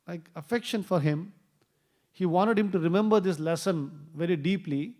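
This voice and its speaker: A man's voice: sits high, normal speed, darkish tone. A man giving a temple class, telling a story and acting out the quoted dialogue with a rising voice. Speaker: temple speaker. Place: temple hall.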